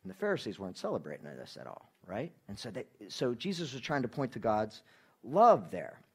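Gravelly and husky, this man's mid-range voice moves a little fast as he preaches to his congregation as pastor. His delivery is animated and conversational, using tag questions to check in and occasionally sinking to a hush for emphasis.

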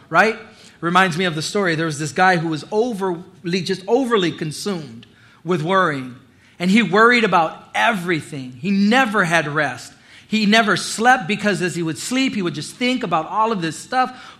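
A man, a pastor, preaching a sermon with animated storytelling. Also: high-pitched, normal speed. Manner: animated storytelling, acting out voices and quotes.

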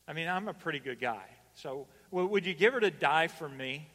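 A pastor preaching a sermon to his congregation, swinging between loud emphatic calls and hushed, slow lines. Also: on the high side. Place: church hall. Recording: long reverb of a church hall.

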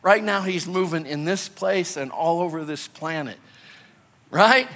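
A male pastor from Illinois, preaching an animated sermon that swings between loud urgency and quiet, hushed moments. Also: on the high side, a little slow.

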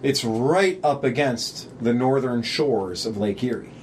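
Man, podcast co-host, casual chat, sarcastic, profane, rambling, mid pitch, faint hiss. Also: a little slow.

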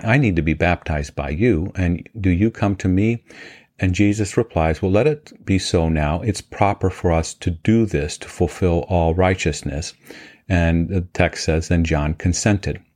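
A man teaching as a pastor, walking through Bible passages in a measured, explanatory way with frequent fillers. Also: sits low, a little mellow. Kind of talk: scripture teaching vlog.

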